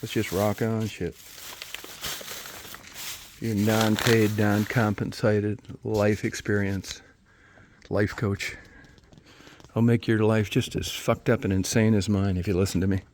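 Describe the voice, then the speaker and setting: A middle-aged man with a fairly low voice rambles through a casual vlog. He swears freely and mocks himself with a dry, wry edge, drifting between grumbling and musing. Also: little pitch movement, slow pace, long pauses, darkish tone, a little hiss or hum. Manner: profane, wry, self-mocking rant. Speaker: vlogger.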